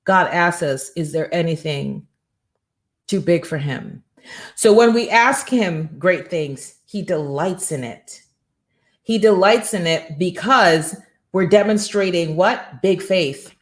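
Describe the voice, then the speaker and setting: A middle-aged woman with a somewhat low voice hosts a morning show, mixing a casual chat with a sermon-like rhythm. She leans on rhetorical questions and repeats phrases for emphasis as she thanks her listeners. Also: takes it slowly. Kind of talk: faith-based motivational talk, reading chat comments.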